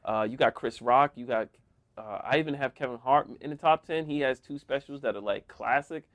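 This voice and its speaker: Man, podcast co-host, casual chatter, quick laughs, dry close sound. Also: medium pitch, no room sound. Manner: talkative, quick laughs, lots of agreeing. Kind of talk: casual chat.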